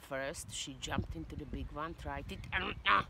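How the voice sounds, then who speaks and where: A woman casually telling a children's story to viewers outdoors, unhurried and with hesitations. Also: sits low, gravelly, background noise.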